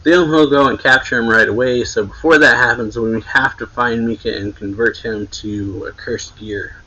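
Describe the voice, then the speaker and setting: A man's voice: mid-range voice, steady tone, normal speed, bright, forceful tone, husky. A man reading out the lines of a sly, teasing young woman, a little raised above his own voice, on a muffled recording. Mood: brisk. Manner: read aloud, lightly raised.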